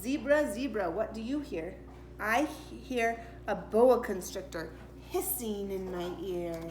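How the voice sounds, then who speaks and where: A woman's voice: mid-range voice, takes it slowly, darkish tone, echoey room. A woman reading picture books aloud to preschool children in a sing-song, playful way. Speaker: preschool story-time reader.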